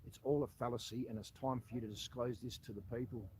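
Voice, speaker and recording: Australian ex-soldier, plain-spoken and forceful, mid-pitched man's voice, faint room hum behind him. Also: steady tone, fast talker, rough recording. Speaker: army veteran. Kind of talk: impassioned monologue addressed to an official.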